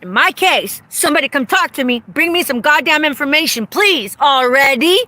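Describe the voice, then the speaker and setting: Woman cussing and ranting outside on her phone, high bright voice. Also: expressive, normal speed, dry recording. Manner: profane, agitated, ranting. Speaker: vlogger. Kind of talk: angry livestream rant. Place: outdoors in the cold.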